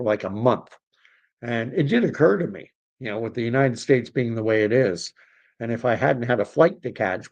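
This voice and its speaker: A middle-aged man chats on his livestream at an ordinary pitch. He rambles through his story and keeps restarting his sentences. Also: darkish tone. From Canada. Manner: rambling, self-correcting, conversational. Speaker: livestream host. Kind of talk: casual storytelling chat.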